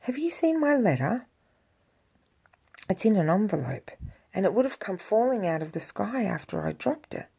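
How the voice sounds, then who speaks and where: A woman voicing an excited little girl sledding downhill, with high squealing cries. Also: moderate pace, vocal fry, long pauses, husky, exaggerated voice. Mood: earnest pleading.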